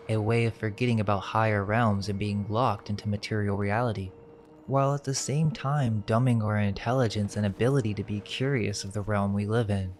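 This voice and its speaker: A man with a low voice reads a scripted narration, measured and suggestive, leaning on rhetorical questions. Faint music plays beneath his voice. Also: darkish tone. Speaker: narrator of a conspiracy video.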